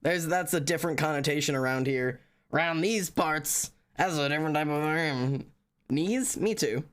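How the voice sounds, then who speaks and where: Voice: medium pitch, normal speed. A tired streamer, chatting casually on a live stream, rambling, joking and swearing a lot. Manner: profane, rambling, jokey.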